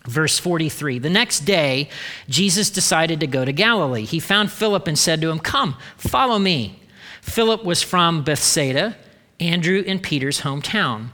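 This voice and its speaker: A man's voice: on the high side, animated, moderate pace, pushed and bright, in a large hall. A man preaching a sermon in a casual way with joking asides. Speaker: pastor.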